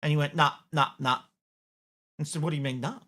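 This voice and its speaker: A man's voice: fairly high pitch, fairly even intonation, fast talker, pushed and bright. A middle-aged Australian man hosting a TV show, delivering a blunt opinion rant and telling a story with acted-out dialogue. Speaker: TV host.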